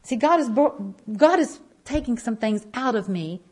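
A woman's voice: fairly high pitch, animated, moderate pace, darkish tone. Woman in her fifties telling her testimony at church, emphatic, keeps repeating herself for effect. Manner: emphatic, repeating phrases, vivid storytelling. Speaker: speaker giving a testimony.

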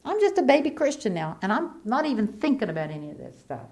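A woman's voice: mid-range voice, very animated, fast talker, hardly any pauses. Fervent middle-aged woman preaching. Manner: repetitive, builds from hushed storytelling to fervent preaching; folksy, colloquial. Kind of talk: sermon.

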